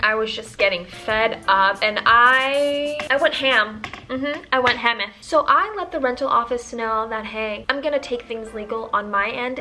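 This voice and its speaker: A woman vlogger from Tanzania recounting a story in a casual, animated, dramatic manner. Her voice is bright and crisp, sitting slightly high for a woman.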